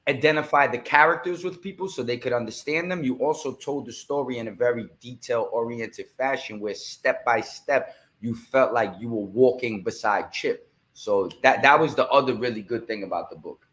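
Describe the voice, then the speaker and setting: A man's voice: mid-range voice, moderate pace, fairly bright tone. A man in a mid-range voice joins a live stream as co-host. He talks casually and bluntly, cursing freely as he adds his comments. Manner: blunt and profane, chiming in with comments.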